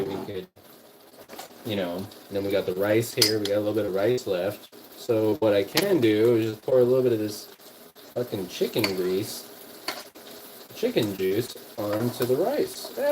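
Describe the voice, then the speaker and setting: A man's voice: lowish voice, lively intonation, normal speed, background noise. A man hosting a livestream, rambling, profane and repetitive as he tells stories while cooking in his kitchen. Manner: rambling, profane, repeats himself. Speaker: music producer and livestream host. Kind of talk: casual storytelling livestream.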